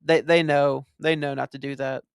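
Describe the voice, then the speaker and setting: Excitable, profane man doing movie commentary. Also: fairly high pitch, moderate pace, vocal fry, smooth, no echo, clean studio sound. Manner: excitable, profane, animated storytelling.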